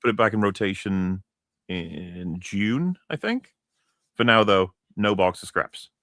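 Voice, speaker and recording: Low-voiced man, dry close sound. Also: lively intonation, a little slow, fairly bright tone, no echo. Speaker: podcast co-host. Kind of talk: casual chat.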